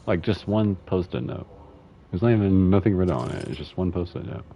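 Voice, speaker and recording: A man's voice: sits low, animated, fairly quick, vocal fry, dark tone, muffled recording, a little hiss or hum. A young man streaming a game, casually reading in-game letters aloud with laughing, swearing commentary.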